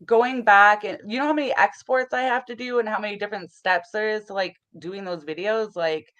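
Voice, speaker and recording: A woman with a bright, forceful voice co-hosts a casual livestream. She talks bluntly and defensively and swears without a second thought. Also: mid-range voice, brisk. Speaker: livestream co-host.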